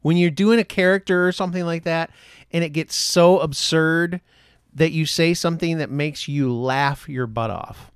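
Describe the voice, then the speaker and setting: A man hosts a podcast in a loose, joking, rambling way. His voice sits a little high, and the sound is dry and close. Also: normal speed, smooth, no room sound. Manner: jokey, rambling. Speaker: podcast host. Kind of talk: casual chat.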